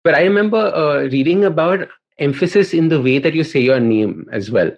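A podcast host interviews a guest in easygoing conversation, nudging him along with prompts and telling anecdotes of his own. His fairly high voice is brisk with lively intonation, and the recording sounds dull and lo-fi.

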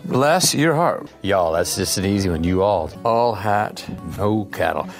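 Man putting on a folksy Texan drawl, very deep, gravelly, music playing. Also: expressive, measured pace. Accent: Texan (put on).

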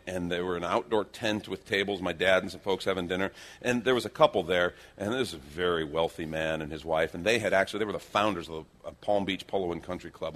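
A man preaching a sermon, telling stories with lively shifts into acted-out quotes. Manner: animated storytelling, acts out quotes with big pitch swings. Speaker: pastor.

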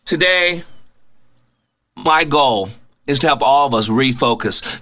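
A man's voice: on the high side, animated, slow, long pauses, sharp tone, faint music behind. A man hosting a motivational radio show in an earnest, preacherly way. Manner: recites verse.

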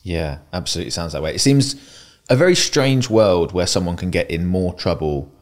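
A man hosting a podcast, asking questions in a measured, slightly hesitant way. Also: low voice, lively intonation. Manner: measured, a little hesitant, with short agreeing replies. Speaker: podcast host. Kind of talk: interviewing.

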